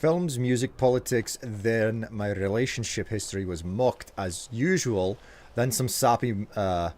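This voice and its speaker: A man streaming a game live, chatting and joking as he reacts out loud to what happens in it. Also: fairly low pitch, measured pace. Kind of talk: live gameplay commentary.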